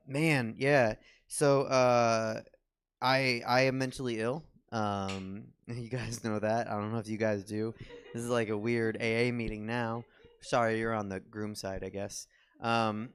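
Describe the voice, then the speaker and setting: A man's voice: lowish voice, clean tone. A young man doing a stand-up comedy set on a theater stage, rambling and self-deprecating with lots of ums and restarts.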